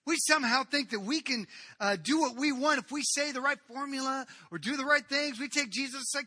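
A man preaching a sermon in a lively, storytelling way, acting out the people in the story. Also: very high voice, a little fast, dry recording, studio quality. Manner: animated, acts out the people in the story. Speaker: pastor.

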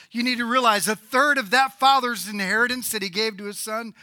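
A man preaching a sermon as pastor, swinging between loud emphatic bursts and low, quiet passages. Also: fairly even intonation, fairly quick, hardly any pauses, no echo, studio quality.

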